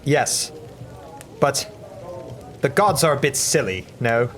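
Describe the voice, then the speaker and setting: A man's voice: medium pitch, very animated, slow, a bit bright, faint music behind. A man voicing a stiff, upright warrior who answers bluntly and preaches about justice and doing good, in a tabletop role-playing game. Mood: solemn. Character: rigid, righteous warrior devoted to justice.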